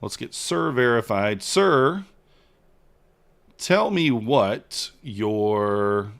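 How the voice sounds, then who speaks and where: A man hosts a casual trading livestream, reading viewers' messages and chatting in a relaxed way. His voice is medium in pitch with vocal fry, and he speaks very slowly.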